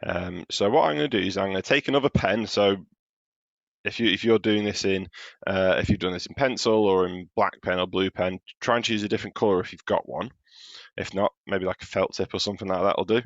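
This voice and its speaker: A man's voice: sits low, a little fast, vocal fry, no room sound, dull audio. A man teaching a primary class in a recorded home-learning lesson, patiently explaining step by step as he checks his own writing.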